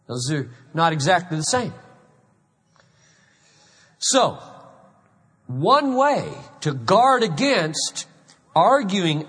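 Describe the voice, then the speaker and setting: A man's voice: sits high, fairly bright tone, breathy edge. A man in his fifties from South Carolina, preaching a sermon as a pastor, earnest and emphatic, often repeating himself for weight. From South Carolina, USA. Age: 50s. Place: large church hall. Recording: long hall reverb.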